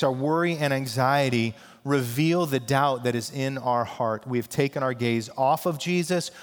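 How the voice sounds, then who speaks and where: A man's voice: a little high, in a large hall. A man pastor preaching a sermon in a conversational, emphatic way with casual asides.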